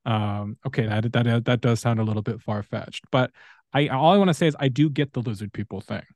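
A man's voice: mid-range voice, a little fast, darkish tone, no echo, clean studio sound. A man hosting a podcast, telling long stories in a rambling, casual way with many fillers. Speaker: podcast host.

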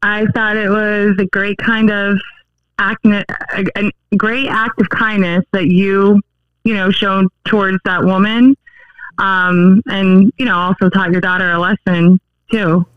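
Caller, polite, measured, smooth voice, phone-line sound. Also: mid-range voice, level tone. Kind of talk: call-in phone chat.

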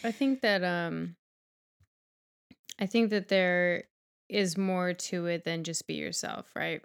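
A woman's voice: fairly low pitch, takes it slowly, gravelly, smooth. A woman co-hosting a podcast in casual chat, talking frankly, rambling with fillers and swearing freely. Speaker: podcast co-host.

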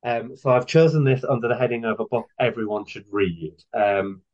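A man in his thirties speaks at normal speed in a mid-range, darkish voice as a guest author on a podcast. The conversation is casual and enthusiastic but rambling and filler-heavy, and the audio is dull and lo-fi.

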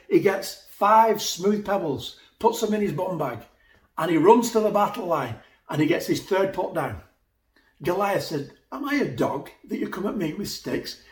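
A man's voice: fairly high pitch, echoey room. A man preaching a sermon, retelling a story animatedly and acting out the voices.

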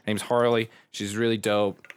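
A man's voice: fairly low pitch, moderate pace, slight background noise. A young man co-hosting a podcast, telling a story in casual chat, swearing constantly and acting out the people in it. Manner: profane, animated storyteller who shouts out quoted voices. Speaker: podcast co-host, delivery driver.

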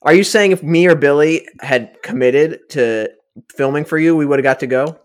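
A man in his thirties co-hosting a podcast, relaxed and joking. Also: fairly high pitch, normal speed. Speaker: podcast co-host. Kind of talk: casual chat.

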